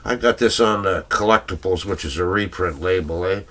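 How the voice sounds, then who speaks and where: A man's voice: low-pitched, normal speed, fairly bright tone. An older man casually rambling through his record collection, chuckling and searching aloud for names he can't recall.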